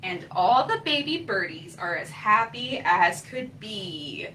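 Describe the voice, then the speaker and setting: A woman reads a picture book to young children at a library story time, slow and sing-song, her voice bright and leaping up and down in pitch. She is heard from a little way off the mic, with faint room noise behind her. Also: sing-song, recorded from a distance, poor audio.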